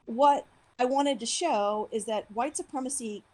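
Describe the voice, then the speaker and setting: A woman in her forties telling a story as a podcast guest, animated, acting out the people she quotes with jumps in pitch. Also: a little slow, poor audio. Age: 40s. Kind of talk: casual storytelling interview.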